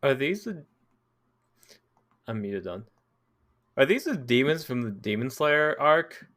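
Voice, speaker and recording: A man's voice: medium pitch, very animated, slow pace, fairly bright tone. A man playing in a tabletop game, chatting casually with the game master and offering joking suggestions. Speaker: player. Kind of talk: casual chat.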